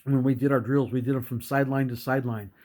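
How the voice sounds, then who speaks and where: A man's voice: medium pitch, fairly even intonation, quick pace, darkish tone. Middle-aged male speaker, earnest motivational storyteller, mid-range voice. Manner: earnest storytelling, acts out past dialogue. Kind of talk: motivational talk to camera.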